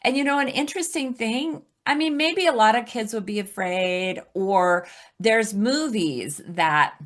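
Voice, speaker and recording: A woman's voice: on the high side, unhurried. A woman from Alaska talking as a podcast guest, reflective, often laughing as she speaks. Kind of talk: casual conversation.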